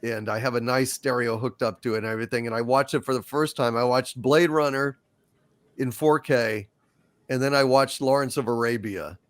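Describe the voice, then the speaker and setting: A man's voice: medium pitch, fairly even intonation, moderate pace. A man hosting a casual live panel chat, talking emotionally in rambling, sweary bursts. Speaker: host.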